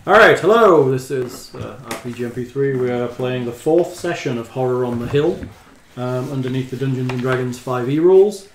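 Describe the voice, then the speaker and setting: A man running a tabletop game as game master, chatting in a jokey, quick-to-laugh way. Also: medium pitch, mellow, a little hiss or hum. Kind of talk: casual tabletop game chat. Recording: roomy table recording.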